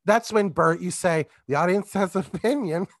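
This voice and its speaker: A man's voice: sits high, normal speed, no room sound, clean studio sound. A man co-hosting a podcast in casual comedic chat, ranting profanely and mimicking people in funny voices. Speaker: podcast co-host.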